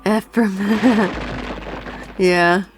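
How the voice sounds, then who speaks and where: A woman's voice: mid-range voice, fairly even intonation, drawn-out words, music in the background. A woman streaming a game, chatting casually and playfully, laughing and reading lines aloud. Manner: playful and giggly, reads game dialogue aloud. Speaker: gaming streamer. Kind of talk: casual let's play commentary.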